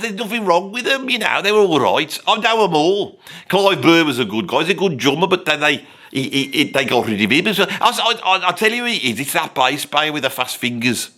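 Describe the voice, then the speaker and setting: In a high, bright and forceful voice, a man plays a comic character, a sixty-something rock veteran from Birmingham with the local accent. The character grumbles and rambles through a rant, swearing all the while.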